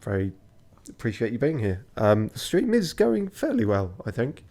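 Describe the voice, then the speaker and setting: A man's voice: mid-range voice, huge pitch swings, normal speed, mellow. A tired young man chatting casually as he streams a video game, swearing now and then in a loose, unpolished way. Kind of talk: casual commentary.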